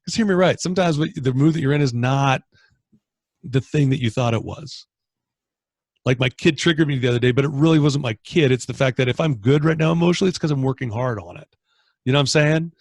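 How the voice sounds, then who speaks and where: A Canadian man leads a group training over a video call, speaking with lively, animated energy as a motivational coach. His voice sits at a middle pitch and sounds close and dry, with no room around it. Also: fast talker, dry recording. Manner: energetic, animated, acts out inner dialogue. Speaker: training manager hosting a call.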